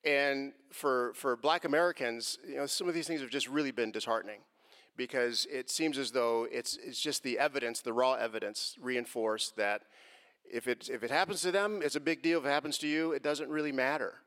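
A man's voice: mid-range voice, a little fast. Earnest man in an echoing hall. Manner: earnest, builds from quiet to impassioned. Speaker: speaker answering a question on faith and race. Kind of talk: earnest talk, answering a question. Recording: long hall reverb.

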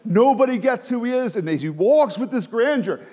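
A man's voice: very high-pitched, lively intonation, moderate pace, warm tone. A man preaching a sermon, emphatic and full of rhetorical questions, sometimes dropping to a near whisper.

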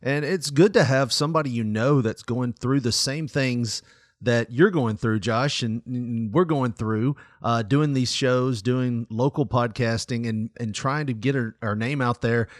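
A man's voice: medium pitch, measured pace, no echo, studio quality. A man hosting a podcast in loose, rambling casual chat, laughing often. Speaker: podcast host.

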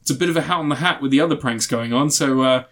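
A man talks casually on a podcast, walking through the plot of a TV series. He rambles, restarts his sentences and laughs along with his own retelling, at a middling pitch for a man. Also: fast talker, a bit bright, slight background noise. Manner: rambling, restarts often, laughs while telling. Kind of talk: casual chat recapping a TV series.

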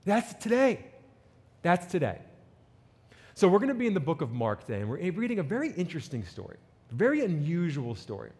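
A man preaching a sermon with an animated delivery, reading scripture and acting out the people in it. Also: on the high side, fast talker, big-room sound. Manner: animated preaching, reads scripture and acts out quotes. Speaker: pastor.

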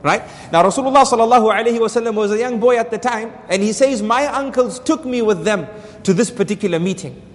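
High-voiced man teaching in a reverberant hall. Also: fast talker, a little hiss or hum. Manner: repeats phrases, asks rhetorical questions. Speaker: Islamic lecturer. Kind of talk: religious storytelling lesson.

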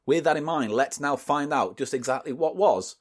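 A man's voice: a little high, normal speed. A man co-hosting a podcast with casual, teasing, sweary banter. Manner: teasing, sweary, laughs often. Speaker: podcast co-host.

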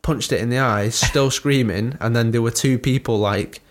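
A man's voice: mid-range voice, normal speed. A young man co-hosting a podcast, telling a story in a rambling, sweary, laughing way. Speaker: podcast co-host. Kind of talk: casual chat.

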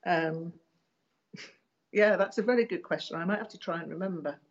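A woman being interviewed, recalling past events in a hesitant, casual way with many pauses and restarts. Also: lowish voice, lo-fi sound.

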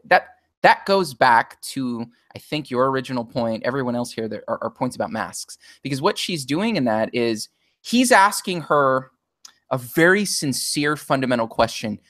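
A man's voice: mid-range voice, sing-song, normal speed, fairly bright tone, no room sound, studio quality. A man co-hosting a podcast in casual chat, analytical and thinking aloud with frequent restarts. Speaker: podcast co-host.

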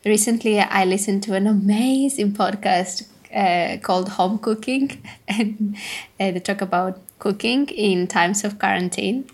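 Slow-talking, giggly woman guest. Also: medium pitch, husky. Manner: hesitant, giggly. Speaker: podcast guest. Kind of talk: casual chat.

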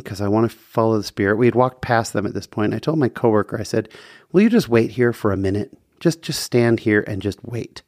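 A man's voice: mid-range voice, darkish tone, dry recording, studio quality. A man hosting a podcast, telling a personal faith story in an earnest, heartfelt way. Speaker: podcast host.

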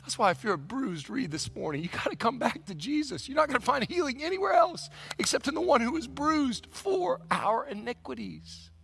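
A male pastor delivering a sermon in a high, bright, ringing voice. His pitch leaps all over the place as he moves from near-whispered passages up to shouted climaxes. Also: big pitch swings, moderate pace, gravelly, few pauses, faint music behind. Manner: swings from hushed to shouted, very dynamic.

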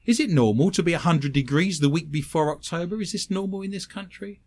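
Animated british man telling funny stories. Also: fairly high pitch, a little fast. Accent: British English. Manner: animated, self-mocking anecdotes. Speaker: paranormal investigator and medium, guest. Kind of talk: casual storytelling on a talk show.

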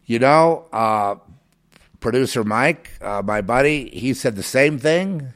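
Agitated man, swings loud and low. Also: lively intonation, slow. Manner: emotional, swinging between loud outbursts and low mutters; many fillers and restarts. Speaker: show host. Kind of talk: rambling monologue.

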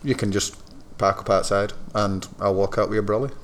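A man's voice: lowish voice, fairly even intonation, brisk. Laid-back man. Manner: laid-back, jokey, swears casually. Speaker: podcast host and shop owner. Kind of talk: casual podcast chat. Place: clothing shop.

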